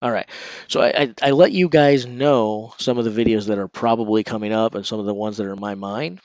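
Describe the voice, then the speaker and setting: A man's voice: mid-range voice, lively intonation, fairly quick, dry recording, muffled recording. A man hosting a casual live stream, chatting straight to his viewers. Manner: conversational, talks straight to viewers.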